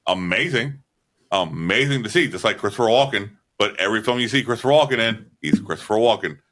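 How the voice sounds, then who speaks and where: A lowish male voice, blunt and heavy on the swearing, filling his talk with "um" and "all right" in a casual film-podcast chat. He wanders through his points in a loose, offhand way. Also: animated, fast, fairly bright tone. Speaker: podcast co-host. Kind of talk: casual movie-review chat.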